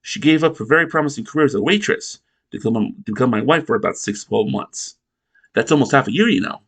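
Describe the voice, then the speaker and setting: A man's voice: mid-range voice, animated, fast, creaky, a bit bright, husky, full character voice. An actor playing a bitter, sarcastic middle-aged male dentist in a sitcom, griping with wisecracks. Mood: sardonic. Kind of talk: sitcom acting.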